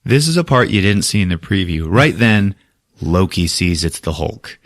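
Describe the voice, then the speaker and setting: A man hosting a podcast who recaps a movie in a casual, profane, animated way, laughing often. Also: deep voice, moderate pace, dry recording, studio quality. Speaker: podcast host.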